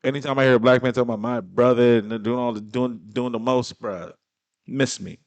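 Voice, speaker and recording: A man with a mid-pitched voice giving a blunt, exasperated reaction to a clip. His talk is slangy and full of curses. The sound is close and dry, with no room around it. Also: steady tone, fairly quick, darkish tone, no echo. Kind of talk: casual reaction commentary.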